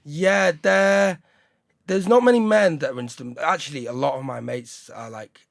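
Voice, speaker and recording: A male stand-up comedian, chatting in a rambling, excitable way, often breaking into laughter and shouts. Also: on the high side, moderate pace, gravelly, no room sound, studio quality. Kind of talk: casual chat.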